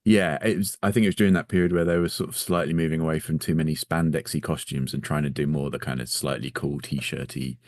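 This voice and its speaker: Very deep-voiced man, dry close sound. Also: steady tone, quick pace, hardly any pauses, no room sound. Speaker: podcast co-host. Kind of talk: casual comedic chat.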